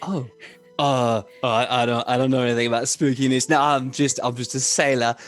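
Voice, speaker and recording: A man playing a halting, friendly sailor. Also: mid-range voice, level tone, lightly acted. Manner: halting, lots of ums and restarts. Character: friendly, hesitant male sailor.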